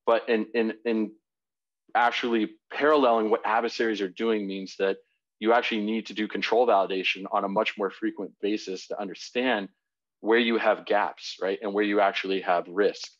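A man's voice: lowish voice, steady tone, normal speed. A man giving a live online presentation in a conversational way, with frequent fillers and restarts. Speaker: webinar presenter. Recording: dull lo-fi web audio.

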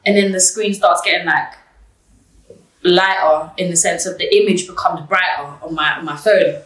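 A woman telling a personal story in an interview, blunt and animated, swearing freely. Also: lowish voice, moderate pace. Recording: roomy, distant mic.

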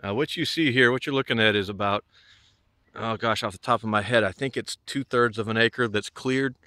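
This middle-aged Southern American homesteader vlogger rambles through a casual outdoor walking tour of his homestead, full of fillers and restarts. His lowish voice runs a little fast, pushed and bright, clear and resonant, captured in clean studio sound with no room echo.

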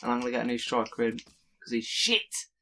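A man talks through a video game as he plays. His voice sits at an ordinary middle pitch, and he swears freely and breaks into loud outbursts at the screen. A faint hiss runs under the recording. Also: a little fast. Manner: excitable, swears often, bursts into shouts at the game. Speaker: gaming video creator. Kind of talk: live gameplay commentary.

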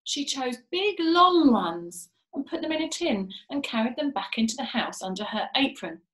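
A woman reads a children's storybook aloud in an expressive, lively manner. Her voice is fairly high and swings up and down, and the recording has a roomy echo. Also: moderate pace. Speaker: reader of a children's book.

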